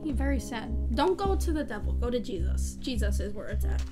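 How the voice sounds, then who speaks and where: A young woman playing an online game with a friend, teasing, giggling and shouting as she plays. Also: on the high side, very animated, fairly quick. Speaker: gaming YouTuber. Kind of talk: casual gaming chat. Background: game music.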